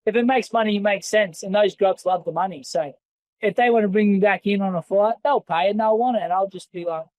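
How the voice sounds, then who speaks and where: A man's voice: high-pitched, a little fast, a little mellow, dry recording, poor audio. An Australian man, a former fighter, telling stories in an interview in a blunt, rambling and heavily profane way. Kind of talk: casual interview storytelling.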